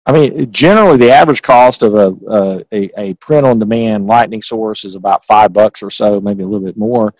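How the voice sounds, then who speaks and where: A man with a low-pitched voice and an easy Southern drawl, speaking as an interview guest. He rambles in a folksy way and keeps restarting his sentences, then turns emphatic when he drives a point home. The recording is close and dry, with no room sound. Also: a little fast, hardly any pauses, a little mellow, no echo, low-quality recording. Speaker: interview guest, author and accountant. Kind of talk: casual interview talk.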